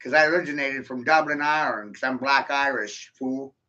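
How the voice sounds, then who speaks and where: Man, provocative rant, profane, tense bright voice, dull lo-fi recording. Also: mid-range voice, fairly quick. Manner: provocative, laughing often, swearing. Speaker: vlogger. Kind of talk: rambling profane monologue.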